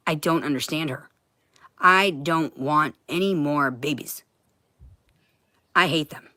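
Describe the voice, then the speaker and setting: A woman talking to camera in a heated, profane monologue that keeps bursting into shouting. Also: sits low, slow, long pauses, no room sound, studio quality.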